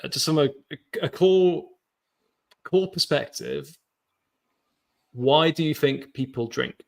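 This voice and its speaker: A man hosting a podcast interview, speaking in a measured way as he agrees and asks questions. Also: a little high, creaky. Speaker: podcast host.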